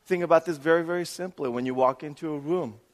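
A man preaching a sermon as pastor, swinging between loud emphatic stretches and soft hushed ones. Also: on the high side, fast, long reverb tail.

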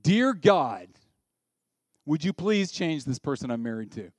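A middle-aged man preaching a sermon, swinging from soft asides to loud, emphatic peaks. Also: a little high, big pitch swings, a little slow, no room sound. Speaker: pastor.

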